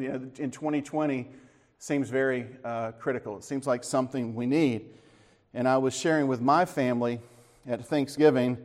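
A middle-aged man speaking to a church audience in a folksy, casual way, telling corny jokes before turning to a thankful devotional message. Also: mid-range voice. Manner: folksy, tells corny jokes with relaxed asides. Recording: long reverb of a large hall.

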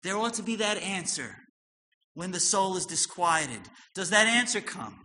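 A man preaching a sermon, swinging from loud emphatic lines to soft, low asides. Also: big pitch swings, a little slow. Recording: long hall reverb with faint noise.

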